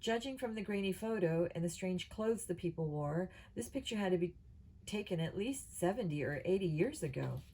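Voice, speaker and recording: A woman reading a children's novel aloud at a steady pace, with small slips and restarts. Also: on the low side, normal speed, slightly rough, low-quality recording. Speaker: audiobook reader.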